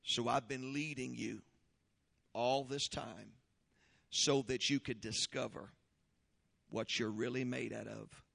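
A man preaching a sermon, leading prayer and praise with fervor, then reading scripture slowly and explaining it. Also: mid-range voice, creaky, long reverb tail. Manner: fervent, shouting praise then slow deliberate teaching. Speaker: pastor.

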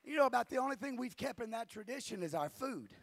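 High gravelly preaching man. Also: animated, quick pace. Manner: shouted preaching that drops to a quiet storytelling voice. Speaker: pastor. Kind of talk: sermon. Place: church.

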